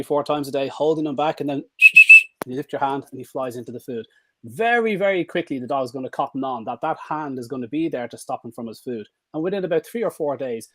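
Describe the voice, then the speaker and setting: A man, a vet, walks listeners through dog training in a relaxed live-stream talk. He is lively and demonstrative, sometimes squeaking high to act out a dog's excitement. His voice sits mid-range and sounds dry and close. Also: no room sound.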